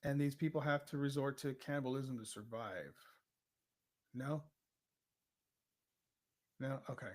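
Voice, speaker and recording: A man co-hosting a casual live stream, slangy and joking as he guesses movie quotes out loud. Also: mid-range voice, steady tone, a little slow, long pauses. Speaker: co-host.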